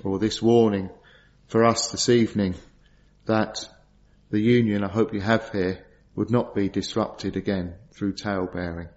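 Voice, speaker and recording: A man's voice: on the low side, steady tone, a little slow, a little mellow. Earnest man preaching, dull sound. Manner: earnest, storytelling, asks rhetorical questions. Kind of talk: sermon.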